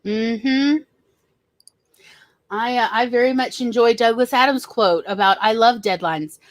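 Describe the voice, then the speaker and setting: A chatty woman with a Southern US accent, rambling along in a relaxed livestream conversation and laughing easily. She sounds close to the mic, with a dry, dead sound and no room echo around her voice. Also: fairly high pitch, measured pace. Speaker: host. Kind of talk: casual chat on a livestream.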